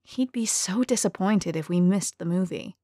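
A woman narrating a first-person story in a measured, even storytelling manner. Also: on the low side, no echo, clean studio sound. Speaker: audiobook narrator.

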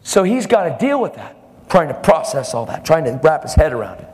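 A man's voice: fairly high pitch, big pitch swings, fairly quick, darkish tone. A man preaching a sermon, telling a testimony story in a fervent, emphatic way. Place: church service hall. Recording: reverberant hall.

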